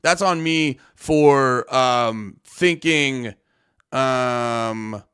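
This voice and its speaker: A man's voice: medium pitch, very slow, fairly bright tone, smooth. A man streaming live, a comedian ranting at his chat in a profane, exasperated, argumentative way. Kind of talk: livestream rant at chat.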